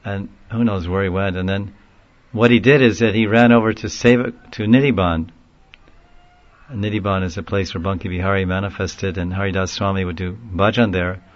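A man telling a long story in a casual, rambling way, often laughing and getting animated when he quotes people. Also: low voice, brisk, muffled recording. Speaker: speaker recounting a story in a class. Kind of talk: informal storytelling talk.

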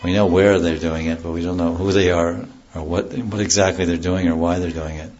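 A man's voice: sits low, steady tone, brisk, darkish tone, muffled recording. A man teaching a devotional class as a spiritual teacher, wandering into stories and then explaining scripture terms in plain words. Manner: rambling, digresses into stories and loses the thread.

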